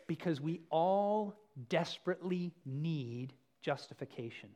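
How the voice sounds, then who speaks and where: A lively pastor delivers a sermon and acts out little scenes. The voice sits mid-pitched, and the delivery jumps between loud bursts and near-whispered asides. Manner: animated, acts out quotes, swings between loud and soft.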